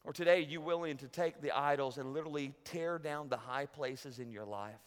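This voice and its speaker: A male pastor preaching a sermon, swinging from loud urgent peaks to hushed lows. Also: brisk, clear, resonant tone. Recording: long reverb of a large hall.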